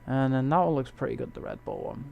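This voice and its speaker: A man's voice: mid-range voice, animated, fast talker, vocal fry, dark tone, dull audio. A man chatting casually to viewers while he streams a racing game at home at night, rambling and joking as he plays. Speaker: gamer streaming gameplay. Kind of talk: casual live-stream commentary.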